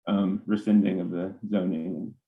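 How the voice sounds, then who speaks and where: A man presenting a bylaw proposal at a town council meeting, halting, with many fillers and restarts. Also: deep voice, steady tone, gravelly. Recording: tinny phone-like meeting audio.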